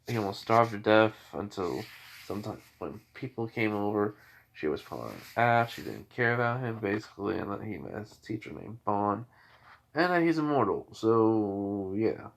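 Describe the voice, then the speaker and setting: A man's voice: fairly low pitch, expressive, normal speed, vocal fry. A man casually retelling a fan story, rambling with fillers and restarts.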